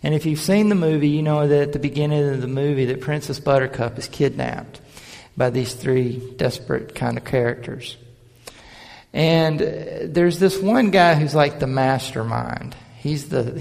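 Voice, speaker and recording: A man preaching a sermon as pastor, with a gravelly voice that builds to emphatic raised delivery. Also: medium pitch, normal speed, a little mellow, long reverb tail.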